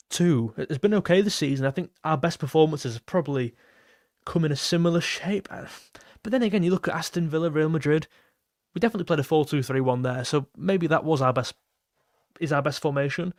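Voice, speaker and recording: On his relaxed football fan livestream, a young man reads donations and viewer messages aloud and thanks people in a chatty way. His voice is fairly high and a little mellow, delivered at normal speed, and the clean studio recording has no room sound.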